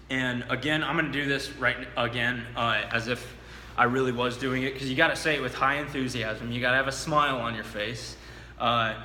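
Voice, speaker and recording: Bright-voiced man in an echoey room. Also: medium pitch. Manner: casual, explaining with fillers, bursts of enthusiasm in demo. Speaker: real estate agent. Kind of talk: instructional talk with role-play demo. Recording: echoey room with long reverb, faint background hum.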